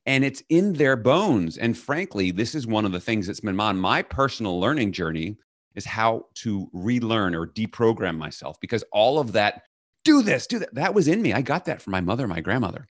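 Middle-aged guy w/ a really low voice, lively storyteller, dry close mic. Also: normal speed, no room sound. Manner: animated, acts out quoted commands loudly. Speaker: leadership coach, podcast guest. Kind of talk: storytelling in a podcast interview.

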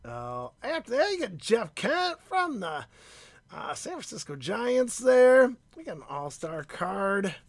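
A man's voice: high voice, sing-song, takes it slowly, no echo. A man hosting a live card-opening stream, upbeat and chatty as he greets viewers by name, while his voice is phlegmy and starting to go. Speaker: card-breaking stream host.

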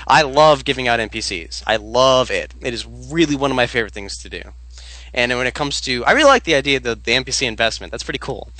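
Male co-host, bright forward voice, dry close mic, emphatic and opinionated. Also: medium pitch, fast, no room sound, rough recording. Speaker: podcast co-host and game master. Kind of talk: casual podcast chat.

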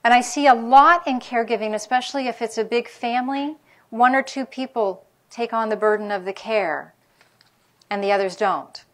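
A woman's voice: on the high side, normal speed. Candid woman physician giving a lecture. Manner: candid, anecdotal, speaks frankly about caregivers' feelings. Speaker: palliative care physician. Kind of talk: public medical lecture.

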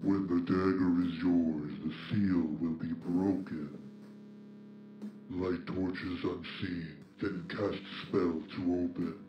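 A grave robed wizard speaks in a deep, heavily drawn-out voice, every word weighed like a ritual. The game audio is muffled and echoey, with music playing clearly behind him. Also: male voice, flat delivery. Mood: solemn. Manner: slow, grave, ritual-like delivery. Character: solemn robed male wizard guide.

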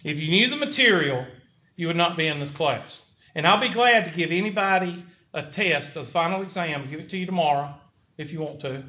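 A man's voice: on the high side, lively intonation, a little fast, pushed and bright. A middle-aged man with a Southern American accent, a college instructor giving a blunt, folksy classroom lecture and tossing questions to the class. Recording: lo-fi, echoey classroom.

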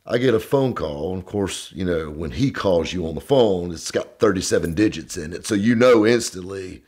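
Low husky man spinning yarns. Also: normal speed. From American South. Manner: animated, drawling, heavy on "you know" fillers. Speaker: storyteller guest. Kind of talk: casual storytelling.

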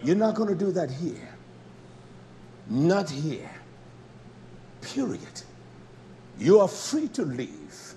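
A man preaching a fiery, scolding sermon, dropping to low mutters and then climbing to loud, pressing exhortation. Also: a little hiss or hum. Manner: blunt, scolding, with mild cursing.

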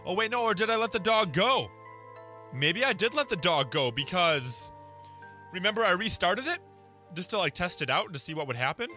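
A young man giving animated, jumpy commentary while playing a horror game, often exclaiming and laughing. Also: sits high, moderate pace. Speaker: let's play gamer. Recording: music loud behind voice. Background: game music.

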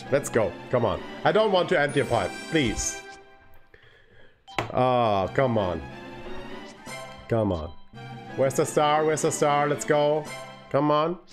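Excitable man streaming a game. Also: fairly high pitch. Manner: excitable, swings from groaning to cheering. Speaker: livestreamer. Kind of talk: live gameplay commentary.

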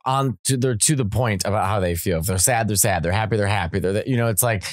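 A man with a fairly low voice talks animatedly as a podcast guest. He drops into comic put-on accents to act out stories. The close mic gives a dry, dead sound. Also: quick pace, no echo. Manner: animated, slips into exaggerated put-on accents for bits. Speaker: guest comedian. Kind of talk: casual podcast chat.

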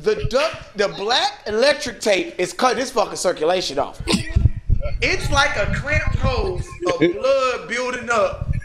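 A man hosting a podcast, telling a story in casual chat, animated and laughing often as he acts out quotes. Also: very high voice, measured pace, background noise. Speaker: podcast host. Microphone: podcast studio mic.

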